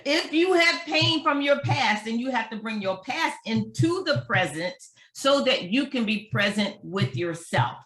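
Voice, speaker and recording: A woman author being interviewed, speaking emphatically and slowing down to repeat her key points. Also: a little high, lively intonation, a bit bright, roomy sound. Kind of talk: interview conversation.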